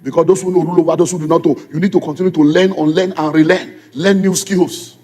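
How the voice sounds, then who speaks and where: High, husky Nigerian preacher in a reverberant hall. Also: male voice, steady tone, fast, dark tone. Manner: preaching with repeated rhetorical questions, call and response. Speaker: pastor. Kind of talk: sermon. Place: church. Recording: long reverb of a church hall.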